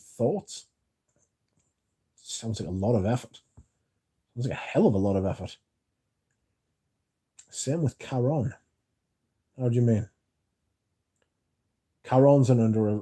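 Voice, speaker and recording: Hosting a laid-back livestream, a young British man speaks in a warm, lowish voice. He's sleepy and yawns, rambling through chat messages from viewers with plenty of fillers.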